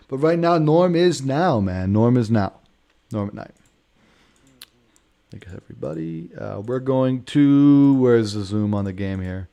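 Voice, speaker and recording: A man's voice: mid-range voice, expressive, a little slow, creaky, mellow. A man streaming a video game, rambling and joking in casual commentary, swearing freely and calling people man. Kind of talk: casual let's-play commentary.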